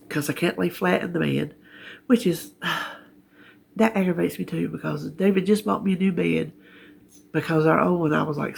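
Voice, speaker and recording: The voice is low, gravelly and husky: a middle-aged vlogger from North Carolina with a Southern US accent, chatting from her chair at home about her health. She wanders from topic to topic in a homespun manner and laughs easily.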